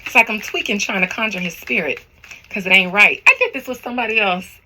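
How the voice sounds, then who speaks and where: A woman's voice: medium pitch, fast, pushed and bright, slight background noise, poor audio. A woman tarot reader talking casually to her viewers, rambling and slangy, in a spiritual reading vlog.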